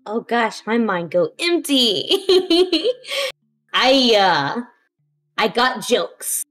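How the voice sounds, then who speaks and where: A giggly young woman chats as a guest on a stream, halting now and then as she searches for words. Her voice is high and light. Faint background music plays. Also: sing-song, fairly bright tone. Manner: giggly, shy, halting, fond of puns. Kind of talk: casual chat.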